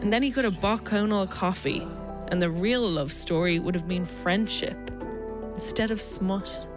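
A woman's voice: medium pitch, moderate pace, over music. A young woman with a South Dublin Irish accent, delivering a wry, sardonic scripted radio essay. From Ireland.

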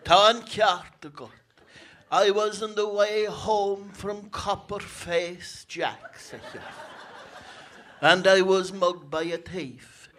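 A man's voice: sits high, takes it slowly, a bit bright. A man playing a folksy rural Irish yarn-spinner with an Irish accent, telling jokes in a leisurely, mock-solemn way in a radio comedy sketch. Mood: droll. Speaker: comic character guest.

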